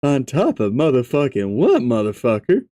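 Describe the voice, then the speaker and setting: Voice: medium pitch, wildly swooping pitch, moderate pace, warm tone, pitched below the performer's own voice. A reader voicing a panicky young male alien troll who swears shrilly and frantically. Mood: panicked.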